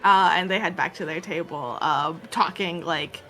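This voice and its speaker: A woman running a tabletop game, describing scenes in a loose, rambling way full of "like" and "um". Her voice is bright and forward, at an ordinary pitch, with faint background music. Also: normal speed. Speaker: game master.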